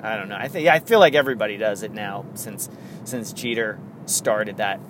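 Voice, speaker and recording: A man with a lowish voice hosts his own sports podcast alone, speaking fairly quickly against a noisy background. He's enthusiastic and rambling, chuckling often as he talks.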